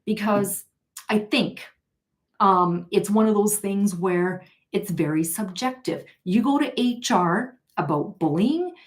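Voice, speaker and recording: A woman hosting a tarot live stream, telling a story in a casual, chatty way and often laughing as she reads viewer comments. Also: medium pitch. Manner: chatty, laughs often, many fillers and restarts.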